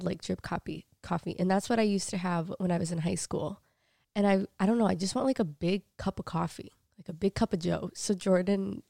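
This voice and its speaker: A woman's voice: fairly low pitch, creaky, darkish tone, no echo, clean studio sound. A woman in her thirties co-hosting a podcast, chatty and bubbly, with a nasal voice from a recent cold. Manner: bubbly, laughs often. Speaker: podcast co-host. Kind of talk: casual chat.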